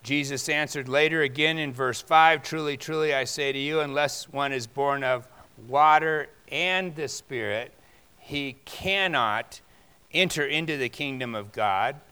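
A man's voice: medium pitch, a little slow, pushed and bright, smooth. A man preaching a sermon, talking in a conversational way and rising to emphatic stresses. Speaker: pastor.

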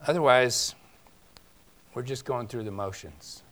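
Male pastor, mid-pitched, conversational sermon delivery, shifts from loud emphasis to quiet asides. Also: measured pace. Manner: conversational preaching with rhetorical questions to the congregation.

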